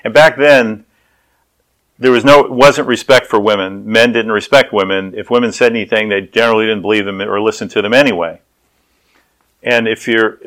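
A man's voice: fairly low pitch, a bit bright, low-quality recording. Storytelling male pastor preaching. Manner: storytelling, acts out voices. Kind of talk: sermon.

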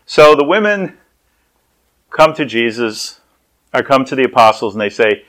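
Brief: male pastor, mid-pitched, conversational preaching, animated storyteller. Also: a little slow, pauses often, rough recording. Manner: storytelling, acts out voices. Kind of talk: sermon.

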